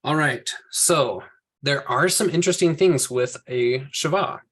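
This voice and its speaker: A man's voice: fairly high pitch, measured pace, fairly bright tone, husky. A man teaching a class from slides, explaining each step patiently and thinking aloud as he works.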